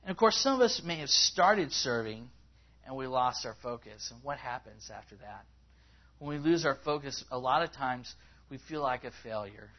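A man preaching in an easygoing, conversational way, his pitch lifting whenever he acts out what people say. His voice sits mid-range, and the recording has a slightly dull, lo-fi sound. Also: animated, moderate pace. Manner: conversational, rising in pitch when acting out quotes. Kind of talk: sermon.

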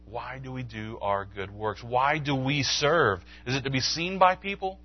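A man's voice: moderate pace, highs cut off, a little hiss or hum. A man preaching a sermon in church, telling a story and acting out its dialogue. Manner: animated storytelling, acts out dialogue with pitch jumps. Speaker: pastor. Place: church sanctuary.

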